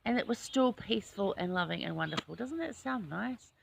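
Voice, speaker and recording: Gravelly New woman, chatty scripture talk. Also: mid-range voice, animated, brisk, background noise. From New Zealand. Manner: chatty and enthusiastic, personal asides. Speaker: host. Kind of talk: casual scripture study chat.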